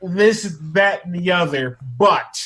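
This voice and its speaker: A man's voice: sits high, slow, a bit bright. A man co-hosting a podcast, talking in a rambling, easygoing way with many asides. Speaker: podcast co-host. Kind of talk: casual podcast chat.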